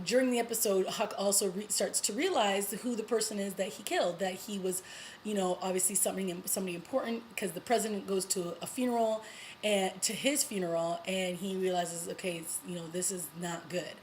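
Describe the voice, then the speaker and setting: A woman talks through a TV episode like she's catching up with a friend. She is chatty and eager, full of fillers and quick laughs, at an ordinary middle pitch. A faint hiss sits under her voice. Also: poor audio. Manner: chatty and excited, full of you-knows and little laughs. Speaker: TV review vlogger. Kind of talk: casual episode recap.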